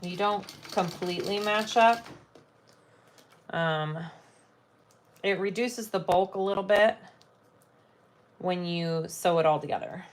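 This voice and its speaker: A woman's voice: on the low side, slow pace, long pauses, slight background noise. A woman hosting a live sewing stream, thinking aloud as she works and chatting with viewers. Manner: thinks aloud while working, chats with viewers. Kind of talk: casual live sewing chat.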